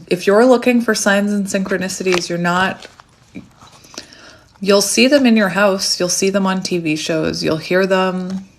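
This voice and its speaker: A bubbly woman chats through a tarot reading, laughing between phrases and jumping up high when something delights her. Her throat is slightly hoarse, and her voice sits at an ordinary middle pitch. Faint noise hums under the recording. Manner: chatty and bubbly, squeals when excited. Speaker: tarot reader.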